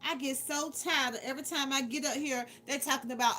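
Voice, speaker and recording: A woman's voice: high voice, steady tone, brisk, hardly any pauses, sharp tone. A woman tarot reader, giving a casual spiritual pep talk. She talks in a preachy way and keeps asking "right?". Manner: preachy, repeats "right?" often.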